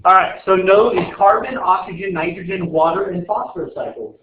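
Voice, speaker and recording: Joking teacher in an echoey classroom. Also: male voice, sits high, fairly quick. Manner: joking, rambling, quizzes students aloud. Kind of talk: classroom exam review. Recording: echoey classroom on tinny lo-fi audio.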